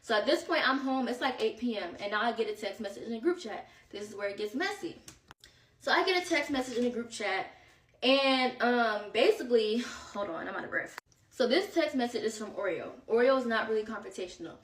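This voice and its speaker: A young woman telling a casual storytime in a chatty, animated way, peppered with "like.". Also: on the high side, fairly quick, far from the mic. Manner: chatty, animated retelling full of "like". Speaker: storytime creator. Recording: echoey room, voice away from the mic.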